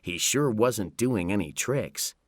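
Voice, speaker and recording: Slow, expressive male storybook narrator. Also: on the low side, no echo, clean studio sound. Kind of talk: scripted narration.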